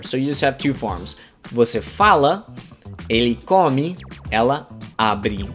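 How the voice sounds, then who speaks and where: A man from Alabama with a Southern American accent, teaching a beginner language lesson patiently, spelling out words and repeating examples. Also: medium pitch. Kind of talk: scripted beginner grammar lesson. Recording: faint guitar music underneath.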